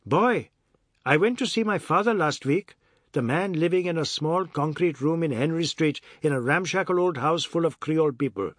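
A man doing a loud brash melodramatic man. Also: fairly high pitch, animated, normal speed, no echo, clean studio sound, voice pushed up. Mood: melancholy. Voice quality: breezy, bawling, melodramatic. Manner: speaks in clipped island dialect. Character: brash loud middle-aged man, boastful then maudlin.

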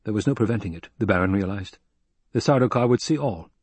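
Husky-voiced man narrating an audiobook. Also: lowish voice, fast talker, a little mellow, no room sound.

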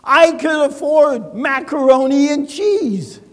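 An older man pastor delivering a sermon, telling a personal story with humor and dramatic pauses. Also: very high-pitched, expressive, in a large hall.

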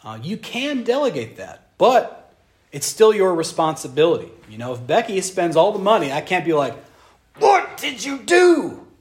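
Lively, high-voiced young male preacher. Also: moderate pace. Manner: animated, acts out voices, talks to the audience. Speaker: pastor. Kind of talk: sermon on marriage.

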